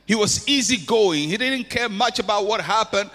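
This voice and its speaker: A man's voice: high voice, lively intonation, normal speed, fairly bright tone, soft background music. A man preaching a sermon with an impassioned, repetitive cadence in a church hall. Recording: long hall reverb.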